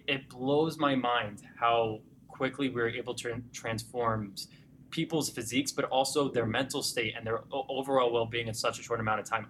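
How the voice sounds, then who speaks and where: A young man, a fitness coach, being interviewed and telling client success stories in an animated, conversational way, speeding up in excited bursts with frequent restarts. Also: medium pitch, a little hiss or hum. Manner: animated storyteller, grows excited and emotional when recounting clients. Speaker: fitness gym owner or coach.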